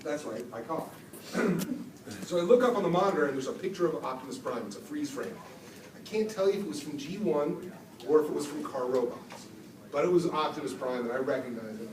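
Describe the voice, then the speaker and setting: A man, a voice actor, telling lively stories at a convention Q&A and acting out the quotes. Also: on the high side, a little fast. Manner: animated storyteller, acts out quotes. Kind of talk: storytelling convention panel answer. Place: convention hall from afar. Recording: echoey hall, distant mic, background noise.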